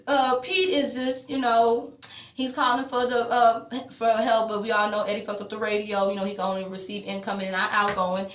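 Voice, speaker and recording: A woman recapping a TV episode in casual chat, blunt, loud and swearing, talking straight to her viewers. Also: medium pitch, reverberant. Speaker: TV show recapper.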